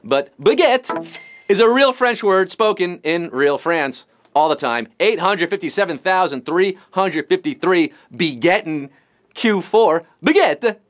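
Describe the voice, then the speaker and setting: Soft music plays behind a man with a high, lively voice who speaks a little slowly and sounds a bit bright. As host of a live trivia game, he delivers questions in a bouncy, punning way, cracking jokes and suddenly putting on silly voices.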